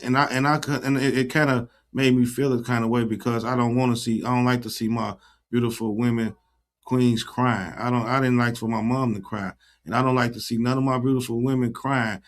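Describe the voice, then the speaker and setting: A man hosting his own YouTube channel in a casual livestream chat, talking in an earnest, repetitive, affirming way. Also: medium pitch.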